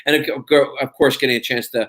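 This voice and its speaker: A man's voice: mid-range voice, level tone, fast, a bit bright. A man, an actor being interviewed, talking casually and rambling with many restarts.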